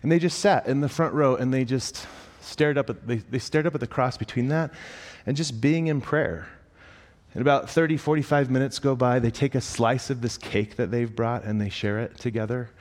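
A man's voice: mid-range voice, moderate pace, a little mellow. Young man preaching with a personal anecdote, self-deprecating and rambling, middle-range voice, long hall reverb. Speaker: church staff member. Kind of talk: sermon with a personal story.

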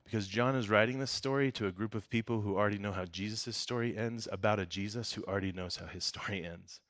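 A man preaching a casual sermon and reading scripture aloud. He talks conversationally, jokes and laughs often, and swings from soft, quiet passages to loud emphasis. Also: fairly low pitch, fast talker. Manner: conversational and joking, breaks into laughter. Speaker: pastor.

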